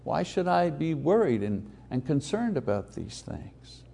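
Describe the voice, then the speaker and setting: A man preaching a sermon, slowing for emphatic phrases and dropping to quiet asides. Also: a little high, big pitch swings, creaky. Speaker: pastor.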